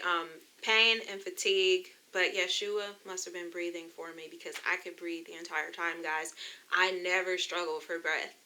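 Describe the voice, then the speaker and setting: A woman's voice: mid-range voice, pushed and bright. A young adult woman from the United States telling her own story in a chatty, emotional vlog, talking straight to her viewers. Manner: emotional, chatty, addresses viewers as you guys. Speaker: vlogger. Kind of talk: personal testimony vlog.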